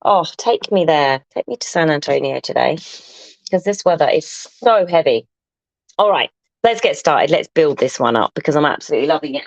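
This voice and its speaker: A woman's voice: low-pitched, animated, normal speed, no echo, poor audio. A woman hosting a live craft demonstration, chatty and enthusiastic as she thinks aloud and answers viewers. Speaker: craft tutor hosting a livestream.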